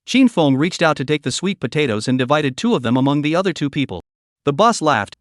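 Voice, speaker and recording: A man narrating a story recap in a brisk storytelling voice-over. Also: fairly high pitch, sing-song, no echo, studio quality.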